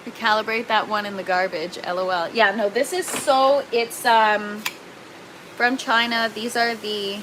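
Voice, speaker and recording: A woman's voice: medium pitch, steady tone, measured pace, background noise. A woman hosting a casual livestream, chatting and reading viewer comments aloud, laughing often. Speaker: livestream host. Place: indoor grow tent.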